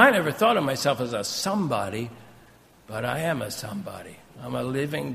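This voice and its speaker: Male missionary preacher, sermon delivery, gravelly tone, echoing sanctuary. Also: medium pitch, slight background noise. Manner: animated, storytelling, jokey asides. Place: church sanctuary.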